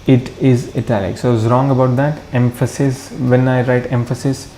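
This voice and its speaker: Mellow-voiced man thinking aloud. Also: medium pitch, little pitch movement, normal speed, slight background noise. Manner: thinks aloud, corrects himself, mixes Hindi into English. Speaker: coding tutorial host. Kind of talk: screen-recorded coding walkthrough.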